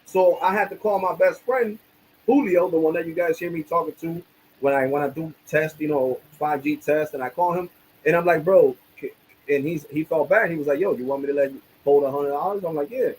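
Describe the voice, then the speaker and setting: A man venting on a livestream in an angry, profane rant full of street slang. His voice sits a little high for a man, and a faint hum of noise runs underneath. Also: moderate pace, rough recording. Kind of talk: ranting livestream.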